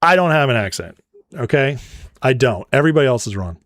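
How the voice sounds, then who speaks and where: A man's voice: medium pitch, very animated, brisk, a bit bright, dry recording, clean studio sound. A man from Northern California hosting a livestream. He reads out viewer comments and answers them with playful, mock-indignant teasing. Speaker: livestream political commentary host. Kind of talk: casual livestream chat reading viewer comments.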